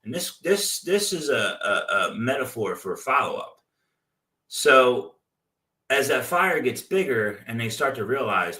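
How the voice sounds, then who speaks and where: At a measured pace and in a mid-range voice, this real estate investing show host gives a casual motivational talk, telling animated, loose stories peppered with "like". He's recorded from a distance in a reverberant room.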